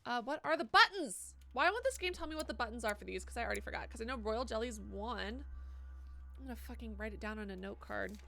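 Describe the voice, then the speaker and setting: Woman streamer, slightly high, bright and crisp; casual, swears a lot, reads chat aloud. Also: lively intonation, fast talker. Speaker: live streamer. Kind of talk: casual live-stream chat while gaming.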